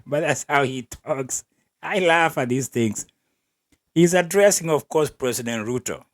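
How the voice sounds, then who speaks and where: A man's voice: on the high side, expressive, measured pace, pauses often. A man hosting an athletics podcast, giving wry, opinionated commentary and laughing between remarks. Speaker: podcast host.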